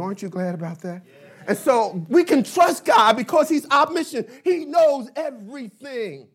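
A man in his fifties preaching a sermon, building to emphatic shouted bursts and dropping into playful asides. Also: extremely high pitch, animated, moderate pace, breathy edge. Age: 50s. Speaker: pastor.

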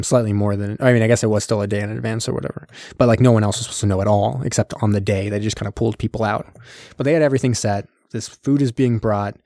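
Animated man retelling a movie. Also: fairly low pitch, dry recording, clean studio sound. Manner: animated retelling, slipping into quick character voices. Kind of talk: casual film recap chat.

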